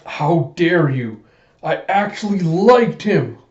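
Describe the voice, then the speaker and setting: A fierce young cyborg warrior girl barking out her lines in a raised, sharp voice, played by a man reading a comic aloud. The room echoes and the sound is dull. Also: a little high, big pitch swings, moderate pace.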